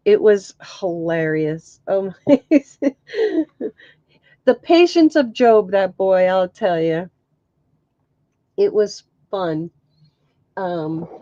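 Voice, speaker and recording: A woman's voice: mid-range voice, a little mellow, no room sound, lo-fi sound. A middle-aged woman chatting casually to camera as a crafts vlogger, telling stories with frequent laughs and exclamations. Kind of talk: casual chat.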